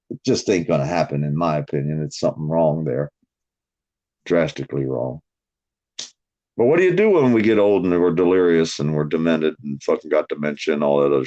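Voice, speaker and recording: A man's voice: deep voice, darkish tone, dull audio. A man ranting bluntly on a casual livestream, swearing heavily and mocking people. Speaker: livestream host. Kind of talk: profane casual livestream chat.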